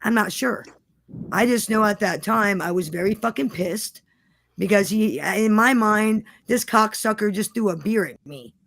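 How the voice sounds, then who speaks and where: A woman's voice: medium pitch, measured pace, vocal fry, fairly bright tone, no room sound. A woman guest telling a story in a defiant, profane way, repeating herself for emphasis. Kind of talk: casual storytelling.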